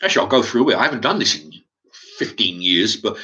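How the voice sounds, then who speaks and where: A middle-aged man with an English accent, talking in a halting, rambling monologue to his channel's viewers, often stumbling and repeating his words. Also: on the low side, lively intonation, pushed and bright, dull audio. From England. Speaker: YouTube channel host.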